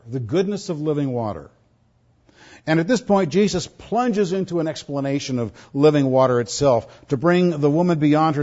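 Pastor, male, emphatic sermon delivery with repetition, a touch high-pitched, dull lo-fi recording. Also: mellow. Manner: emphatic, repeats words for stress.

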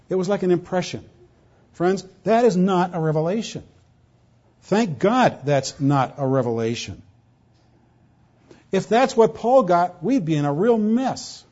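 A man's voice: sits high, big pitch swings, unhurried, pauses often, a little mellow. A man preaching a sermon, emphatic and full of rhetorical questions, pressing his points hard. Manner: emphatic, rhetorical questions, shifts pace for stress. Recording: dull lo-fi sound.

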